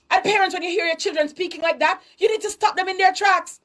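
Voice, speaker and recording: A Jamaican woman with a high voice delivers a preachy monologue of social commentary. She talks emphatically and lectures her listeners. Now and then she drops into patois. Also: lively intonation, quick pace, hardly any pauses, a bit bright. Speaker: online commentator.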